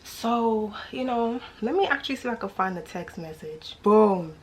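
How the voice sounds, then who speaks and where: A woman's voice: mid-range voice, expressive, moderate pace. A young woman with a New York accent telling a dating story casually to her viewers, slangy and full of rhetorical questions.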